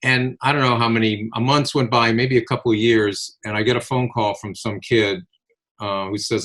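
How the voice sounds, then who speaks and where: An older man reminisces in an easygoing, conversational way. His voice sits in an ordinary middle pitch. He brings his stories alive by slipping into the voices of the people in them. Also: normal speed. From Connecticut, USA. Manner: animated anecdotal storyteller, acts out quoted voices. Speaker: podcast co-host. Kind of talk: casual reminiscing storytelling.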